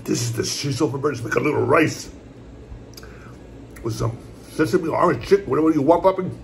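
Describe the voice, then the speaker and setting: A man in a casual home eating vlog, rambling along in a relaxed, repetitive way as he talks to his viewers. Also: a little high, fairly quick, gravelly, a little hiss or hum. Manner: laid-back, rambling, repeats "my brothers" and "puppy". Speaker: mukbang vlogger. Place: at home, indoors.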